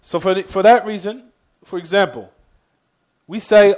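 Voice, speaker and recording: A man's voice: sits high, a little mellow. A man giving a religious lesson, quizzing his class with "what?" prompts and repeating key points. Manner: reads Arabic quotations quickly. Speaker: Islamic teacher.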